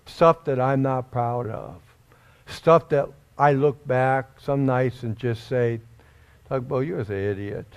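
A man preaching a sermon in a church, giving an emotional testimony that rises suddenly into loud, high bursts. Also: fairly even intonation, slow pace, clean tone. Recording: dull lo-fi recording.

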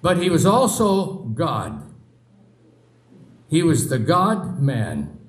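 A man preaching a sermon in a dramatic way, pausing often and letting phrases sink low and quiet. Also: wildly swooping pitch. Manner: dramatic, slow, with long pauses and sinking low phrases. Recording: echoey room.

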